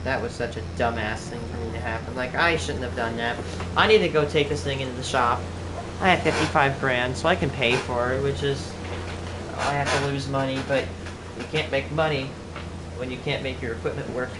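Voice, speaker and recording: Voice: mid-range voice, steady tone, fairly quick, reverberant, noisy background. A streamer giving casual live commentary while playing a farming game, thinking aloud with lots of "like" fillers.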